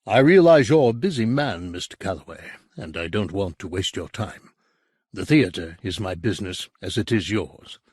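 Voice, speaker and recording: A man voicing a persuasive, cultured older gentleman who speaks in a measured, grave way. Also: low voice, lively intonation, husky, no echo, studio quality.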